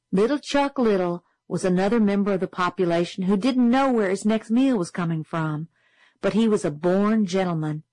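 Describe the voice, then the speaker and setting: A woman reading a novel aloud as an audiobook narrator, steady and clear. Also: mid-range voice, normal speed, no room sound, rough recording. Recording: dry close studio sound.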